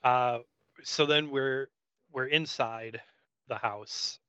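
A man's voice: mid-range voice, fairly even intonation, slow pace, bright, forceful tone, clean tone, no echo, poor audio. A man casually recapping a TV episode scene by scene as a podcast co-host, with frequent ums. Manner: frequent "um"s, loose paraphrase of scenes.

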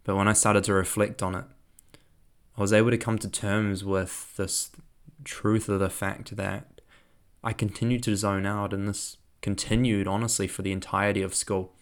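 A young man telling a personal story in a reflective way, laughing often and filling pauses with lots of ums. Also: lowish voice, level tone, clear, resonant tone.

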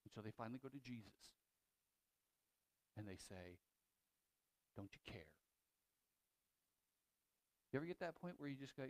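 A man preaching a sermon, retelling a story with lively, animated delivery that swings between loud and hushed, with frequent restarts. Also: mid-range voice, normal speed, pauses often. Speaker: pastor.

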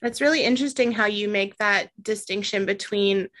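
A woman's voice: mid-range voice, moderate pace. A woman hosting a podcast, chatting casually with many fillers. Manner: warm, chatty, many fillers like "you know". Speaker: podcast host.

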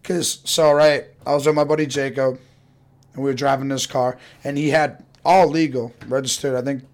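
A man's voice: mid-range voice, level tone, normal speed, darkish tone. A young man telling rowdy stories casually, swearing a lot and acting out the voices of people in them. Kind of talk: casual storytelling.

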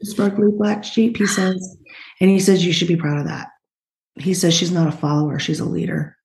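A woman psychic medium talking on a podcast in a warm, animated way, now and then dropping to a whisper. Her voice sits a little low. It carries a roomy echo. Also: brisk, creaky. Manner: warm, animated, relays spirit messages in quotes. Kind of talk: casual podcast reading.

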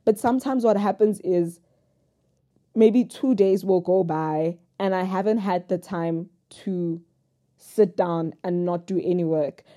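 Young female vlogger, warm low-key tone, candid and rambling, jumps tangents, pokes fun at herself. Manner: rambling, jumps between thoughts; frank and personal, self-mocking humor. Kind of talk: candid confessional vlog talk.

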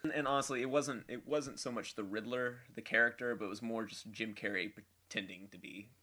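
A young man co-hosting a casual podcast chat, animated and quick to laugh. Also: on the low side, a crowd in the background. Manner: animated, laughs often, shouts quoted lines. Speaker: podcast co-host.

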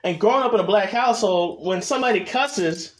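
A young man with a high voice chats alone on his podcast. He rambles, restarts his sentences and swears constantly in an easy, unscripted way. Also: fairly quick. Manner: rambling, heavy cursing, restarts. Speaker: podcast host. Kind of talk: solo casual chat.

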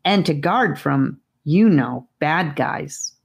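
A woman's voice: sits low, animated, slow pace, vocal fry, husky, heavily acted. A woman voicing a casual young girl who lives in a cave, speaking offhandedly. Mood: offhand.

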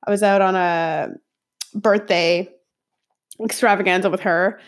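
A woman's voice: medium pitch, fairly even intonation, unhurried. A woman in her thirties, a podcast host telling a personal story in an earnest, rambling way, full of fillers. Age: 30s.

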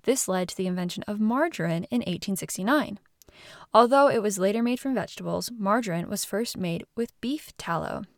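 Woman reading a documentary in a dry, even voice. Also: medium pitch, no room sound. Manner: even, measured reading of facts. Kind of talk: scripted documentary narration.

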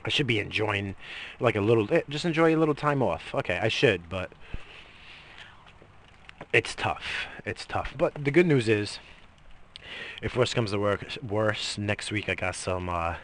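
A man's voice: fairly low pitch, lively intonation, unhurried, pauses often, a bit bright, a little hiss or hum. A middle-aged man in a casual, rambling monologue, swearing freely and coughing between lines. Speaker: vlogger.

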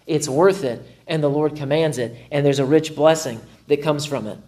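Animated, fairly high-voiced male pastor. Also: moderate pace. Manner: animated, acts out his own inner dialogue with self-mocking humor. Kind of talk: sermon.

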